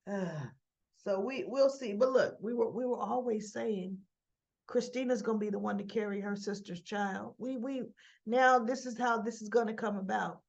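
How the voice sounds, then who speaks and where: A woman's voice: medium pitch, vocal fry. A woman at home, recapping soap opera episodes in a chatty, wandering way that often checks in with "right?". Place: at home with her dog. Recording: slightly dull lo-fi sound.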